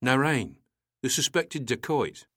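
A man's voice: mid-range voice, big pitch swings, slow pace, a bit bright, husky, no echo, studio quality, pitched above the performer's own voice, full character voice. A man voicing a nervous, stammering young English officer in a read-aloud story. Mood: hesitant. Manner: hesitant, stammering.

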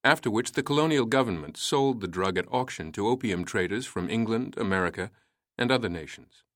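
A man reading a story aloud in a measured, steady way. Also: lowish voice, no room sound, studio quality. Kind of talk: storytelling narration.

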